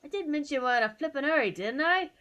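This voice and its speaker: A woman's voice: high-pitched, animated, fast talker, fairly bright tone, pitched above the performer's own voice. A woman voicing a cheeky little male fairy sidekick in a put-on Scottish accent, reading game dialogue with chatty slang. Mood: teasing.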